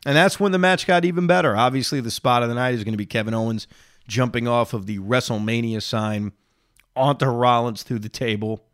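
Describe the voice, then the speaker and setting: A man's voice: mid-range voice, fairly quick, clear, resonant tone, dry recording, clean studio sound. A man hosting a solo reaction podcast, opinionated and talking straight to his listeners, with a lingering cough. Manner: animated, opinionated, talks to listeners directly. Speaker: podcast host.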